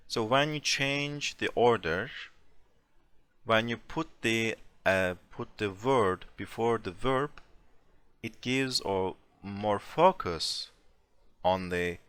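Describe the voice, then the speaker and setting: Slow, patient man teaching online. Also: on the low side, a bit bright, clean tone, no room sound. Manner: slow, patient explaining with casual fillers. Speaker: Turkish language teacher. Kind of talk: online class explanation. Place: home room, over a voice chat. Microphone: computer mic on a voice chat.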